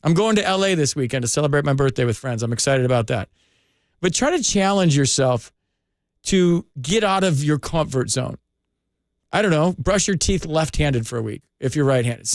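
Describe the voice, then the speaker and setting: A man's voice: fairly high pitch, lively intonation, normal speed, dry recording. A man hosting a late-night sports call-in radio show, talking in an earnest, rambling, heartfelt way from a studio microphone.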